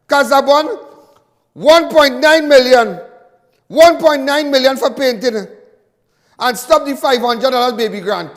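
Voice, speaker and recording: A man's voice: extremely high pitch, big-room sound. A Trinidadian man hosting a show, delivering a fiery, mocking political monologue and repeating lines for emphasis. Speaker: host.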